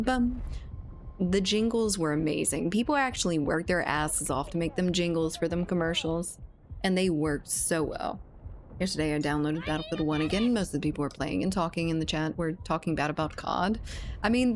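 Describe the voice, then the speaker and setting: A woman's voice: low-pitched, moderate pace, a little hiss or hum. A young woman streamer chatting casually and profanely during a gaming livestream, reading chat aloud.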